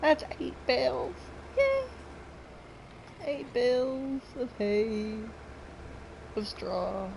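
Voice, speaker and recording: A woman's voice: high-pitched, lively intonation, extremely slow, vocal fry, long pauses, darkish tone, slight background noise, low-quality recording. A woman streaming a farming game, chatting casually and rambling to her viewers. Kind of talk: casual live-stream chat while playing.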